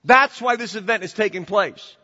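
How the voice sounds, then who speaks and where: A man preaching a sermon as pastor, animated and emphatic, often repeating words as he builds to his points. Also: high voice, moderate pace. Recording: dull sound with long church reverb.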